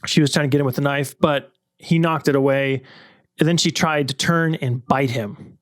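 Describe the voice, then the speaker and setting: A man's voice: mid-range voice, fairly even intonation, normal speed, dry recording, studio quality. A young man hosting a podcast, chatting loosely with fillers and reading a listener's story aloud. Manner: loose and conversational, with many fillers. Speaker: podcast host.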